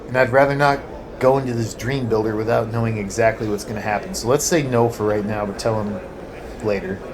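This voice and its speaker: A man's voice: on the low side, steady tone, a little fast. A man playing a role-playing game, rambling and reading the game text aloud, sounding distracted. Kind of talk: let's play commentary and reading. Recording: noisy home recording.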